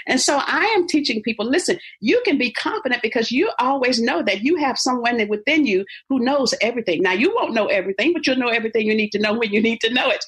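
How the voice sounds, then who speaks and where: A woman's voice: on the high side, a bit bright, slightly rough. A woman motivational speaker and author talking in an interview, emphatic and preacherly, laughing easily. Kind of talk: interview conversation.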